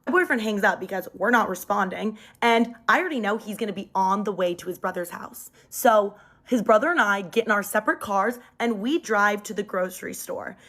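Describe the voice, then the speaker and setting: A woman's voice: medium pitch, a little fast, a bit bright. A young woman telling a dramatic personal story in a chatty, casual storytime style, leaning hard on emphasis.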